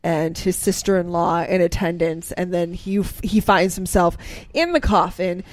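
A woman's voice: lowish voice, a little slow, no echo. Chatty woman recapping a movie. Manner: animated retelling with many fillers. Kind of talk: casual movie discussion.

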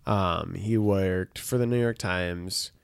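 Gravelly low-voiced man, chatty podcast co-host. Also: slow, dry recording, studio quality. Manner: rambling, chatty, laughs often. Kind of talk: casual chat.

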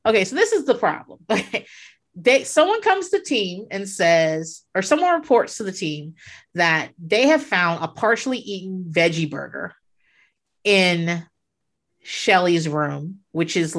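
A middle-aged woman in casual chat, telling stories with lots of swearing. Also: mid-range voice. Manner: animated storyteller, swears freely. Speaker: podcast co-host.

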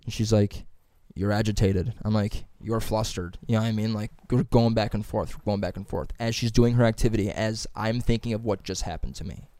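A young man chatting as a podcast co-host, telling rambling, profane stories and acting out quotes loudly. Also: on the low side, fast, few pauses, no room sound, clean studio sound. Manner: animated, acts out quotes loudly. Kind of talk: casual chat.

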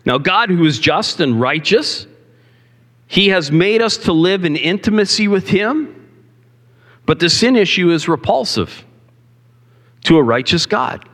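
A man's voice: high-pitched, very animated, measured pace, pauses often, a bit bright. A male pastor preaching a sermon in a church, talking conversationally and asking the congregation questions. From Canada. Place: church sanctuary. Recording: long hall reverb.

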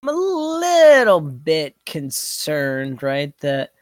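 A man's voice: on the high side, wildly swooping pitch, drawn-out words, no echo, studio quality. A man co-hosting a fantasy basketball podcast, talking casually and hesitantly with many filler words. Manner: hesitant, many likes and you-knows. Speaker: podcast co-host.

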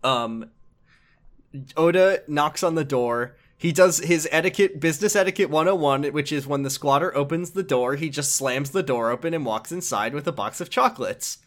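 A man's voice: on the high side, moderate pace. A man casually retelling a video game story with wry jokes, as a podcast co-host. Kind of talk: casual chat.

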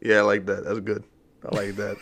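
A man's voice: fairly low pitch, completely flat delivery, brisk, fairly bright tone. Laid-back joking young man. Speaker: guest. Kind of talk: casual comedy podcast chat.

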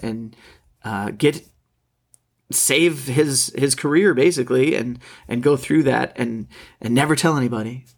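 A man co-hosting a casual film discussion, halting and restarting as he searches for his words. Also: medium pitch. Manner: halting, repeats words while searching for thoughts. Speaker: podcast co-host.

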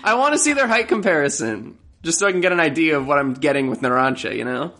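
A man's voice: fairly high pitch, big pitch swings, quick pace, sharp tone. A man in his twenties co-hosting a podcast, chatting casually, swearing freely and laughing often. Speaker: podcast co-host. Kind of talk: casual chat.

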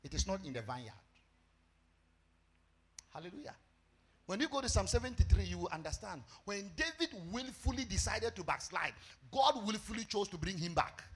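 A male pastor, preaching a fervent sermon that breaks into shouts and sung phrases. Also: high voice, big pitch swings, normal speed, pauses often, husky.

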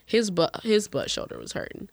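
A woman's voice: medium pitch, huge pitch swings, normal speed, creaky, no echo. A woman hosting a podcast in casual chat, a profane storyteller who laughs often. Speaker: podcast host.

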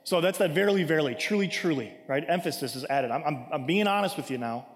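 A man's voice: a little high, expressive, fast. A man preaching a sermon in a conversational way, reading scripture aloud and explaining it with casual asides and frequent "right?". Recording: long hall reverb.

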